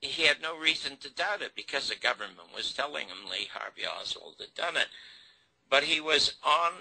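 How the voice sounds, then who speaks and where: A man's voice: a little high, expressive, moderate pace, gravelly, sharp tone, rough recording. An older man, a guest on an interview show, telling a story and acting out the dialogue.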